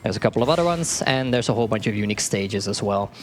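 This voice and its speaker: A man's voice: on the low side, expressive, fast talker. A man casually explaining his game as he plays it live, laughing often and tripping over words. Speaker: speedrunner. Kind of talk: live speedrun commentary. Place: marathon event stage. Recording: faint game music behind. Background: faint game music.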